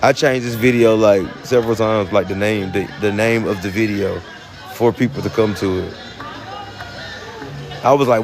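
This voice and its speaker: A man's voice: on the low side, a little fast, a faint crowd. A man with a Southern US accent talking casually on a phone live stream, rambling with many fillers and laughs. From United States. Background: music.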